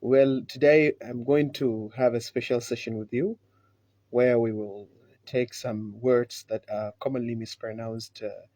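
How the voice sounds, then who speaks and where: Slow, deliberate teacher. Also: male voice, mid-range voice, mellow, no echo. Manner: slow and deliberate, repeats words, many "uh" fillers. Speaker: English pronunciation teacher. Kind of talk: live online pronunciation lesson.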